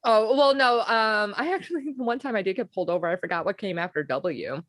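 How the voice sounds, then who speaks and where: A woman hosting a podcast in casual chat, loose and quick to laugh. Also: medium pitch, no room sound, clean studio sound. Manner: laughs easily, loose and chatty. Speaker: podcast host.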